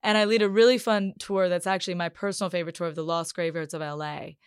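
A woman's voice: on the low side, fairly even intonation, fast talker, clean tone. A young woman from North Carolina with an unplaceable, faintly Mid-Atlantic accent, talking casually and wryly as a podcast host, laughing often. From North Carolina, USA. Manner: chatty, laughs often, wry. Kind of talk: casual interview.

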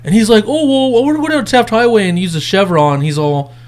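A man's voice: high-pitched, fairly quick. A man co-hosting a podcast, casually telling a profane story and acting out what people said. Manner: profane, animated, acts out quotes. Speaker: podcast co-host.

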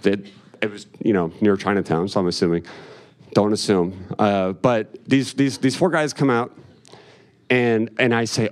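A man's voice: fairly low pitch, normal speed. A man doing stand-up, telling a long, profane story in a rambling way and laughing along as he goes. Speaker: stand-up comedian.

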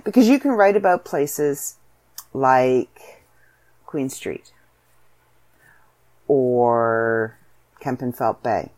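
Chatty low-voiced Canadian woman. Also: very slow, pauses often. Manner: chatty, animated storytelling with voiced asides. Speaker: podcast host and author. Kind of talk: casual solo podcast monologue.

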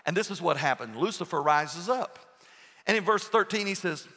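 Bright high-pitched preaching man, echoey hall. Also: lively intonation. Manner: earnest preaching with pauses and restarts. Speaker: pastor. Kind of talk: sermon.

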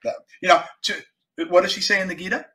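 An older man, a guest actor and author, tells stories in a relaxed interview, animated and emphatic, his volume swinging between loud and quiet. His voice sits high, he talks fast, and the audio is poor.

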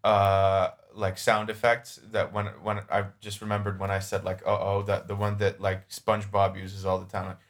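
A man co-hosting a casual podcast chat, halting and repeating words, with lots of "like" and "um". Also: lowish voice, completely flat delivery.

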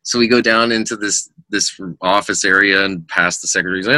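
A middle-aged man, a musician guest, telling lively anecdotes in casual chat and acting out the voices of people in them. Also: on the low side, fast talker, hardly any pauses, no echo. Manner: animated anecdotes with quoted voices.

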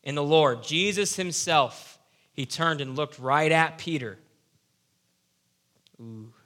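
A young man delivers an animated, conversational sermon. His voice sits a touch high and sounds bright and forceful. He drops in playful asides as he teaches. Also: unhurried. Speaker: youth pastor.

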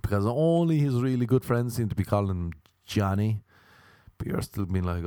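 A man's voice: on the low side, brisk, warm tone, clear, resonant tone, dry recording. A man doing a casual comic monologue, rambling, profane and self-mocking.

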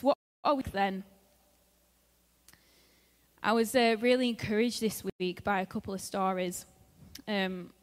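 A woman giving a sermon in a church in a conversational way, laughing often and acting out what her friends said. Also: mid-range voice. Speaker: preacher. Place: church hall. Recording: long hall reverb.

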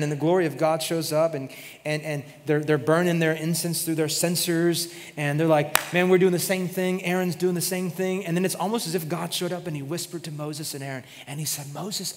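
A man preaching a sermon as pastor, retelling a story with lively acted-out voices. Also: fairly high pitch, in a large hall. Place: church sanctuary.

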